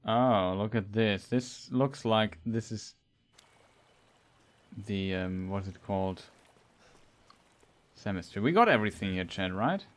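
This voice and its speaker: A man with a lowish voice commenting casually on a game as he plays it. He thinks aloud, trailing off and searching for words with frequent fillers. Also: expressive, takes it slowly, long pauses. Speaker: streamer.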